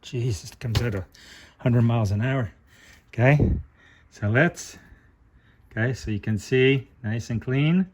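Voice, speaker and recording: A middle-aged man hosting a car repair channel, thinking aloud in an unhurried way while he works on a part at his bench. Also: medium pitch, slight background noise. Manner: talks with a flashlight in his mouth at times. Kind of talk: hands-on repair demonstration.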